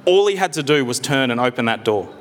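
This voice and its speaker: A man preaching a sermon in a conversational way, with gentle humor and frequent restarts. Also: medium pitch, animated, fast talker. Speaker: pastor. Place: church hall. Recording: long hall reverb.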